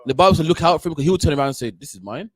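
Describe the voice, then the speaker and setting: Fast-talking man ranting in a dry room. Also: a little high, dry recording. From United Kingdom. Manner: ranting, repeats "man" at line ends, mimics others. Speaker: host. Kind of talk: heated street-corner preaching.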